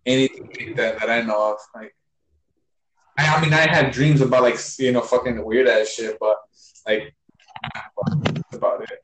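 A young man talks through a story in relaxed, slang-filled chat, full of swearing and fillers. His voice carries a clear room echo around it. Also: medium pitch, moderate pace, slight background noise. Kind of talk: casual chat.

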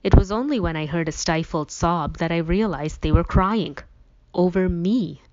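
A woman reading a novel aloud as an audiobook reader, in a plain, even storytelling manner. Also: fairly low pitch, normal speed. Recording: dull lo-fi recording.

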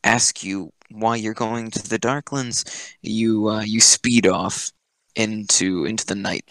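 A man's voice: on the low side, steady tone, slow pace, a bit bright, dry recording, rough recording. A man narrating as game master for a tabletop game, hesitant with many ums and restarts.

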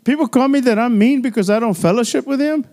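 An older man, a pastor, preaching an animated sermon in church, with chatty asides and laughs. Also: very high voice, quick pace.

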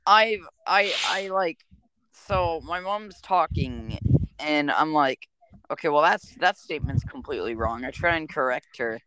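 A teenage man co-hosting a podcast in casual chat, talking haltingly with many restarts. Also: on the high side, sharp tone, slight background noise. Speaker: podcast co-host.

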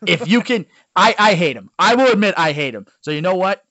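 A man, a youth baseball coach guesting on a podcast, telling stories in blunt, animated sports chat. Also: high voice, brisk, no room sound. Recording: dull lo-fi dry sound.

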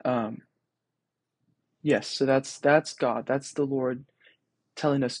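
A man's voice: medium pitch, steady tone, slow, slightly rough, no room sound. A young man hosting a podcast, reflecting on scripture in a casual, earnest way with many ums and restarts. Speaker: podcast host.

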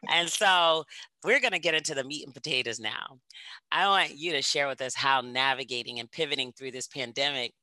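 A woman hosting an interview, effusive and emphatic, swinging from loud excitement to softer asides. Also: very deep voice, brisk, no echo, low-quality recording. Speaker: interview host. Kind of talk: enthusiastic interview introduction and questions.

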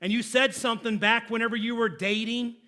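High, bright-voiced pastor preaching. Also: male voice, steady tone, fairly quick. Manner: swings between loud, high emphasis and quiet, low asides; addresses the congregation directly, prompting call and response. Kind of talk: sermon.

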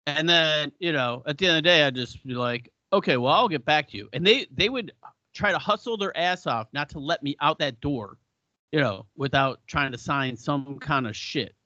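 A man's voice: on the high side, normal speed, no room sound, highs cut off. A man co-hosting a podcast, telling stories in casual, profane chat and acting out the people in them. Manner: profane, animated storyteller who acts out quotes. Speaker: podcast co-host.

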